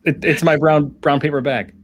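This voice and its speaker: A man co-hosting a casual podcast, talking in halting starts with many fillers. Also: fairly high pitch, steady tone. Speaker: podcast co-host. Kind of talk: casual chat.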